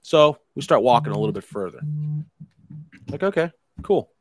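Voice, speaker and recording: A man's voice: mid-range voice, moderate pace, no echo. A man casually telling a long, rambling anecdote, swearing freely and wry about it. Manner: profane, rambling, wry storytelling with quoted dialogue.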